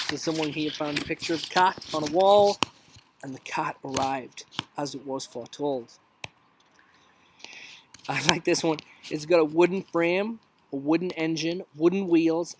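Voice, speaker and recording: A man's voice: a little high, background noise. A man in his thirties hosting a casual live stream, joking his way through memes outdoors and dropping into whispers for asides.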